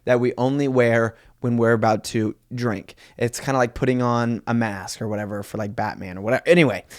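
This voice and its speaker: A young man co-hosting a comedy podcast, chatting casually and teasing his partner. His voice sits in the middle of the usual male pitch, and he tells his stories in an easy, laid-back way. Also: fairly quick. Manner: relaxed storytelling, playful teasing. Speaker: podcast co-host.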